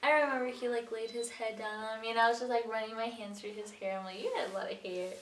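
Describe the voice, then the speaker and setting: A woman's voice: on the high side, steady tone, quick pace. A young woman co-hosting a couple's channel, telling their story in a casual, giggly, playful way. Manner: giggly, playful, interjects and corrects. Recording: echoey room, far from mic, faint hiss.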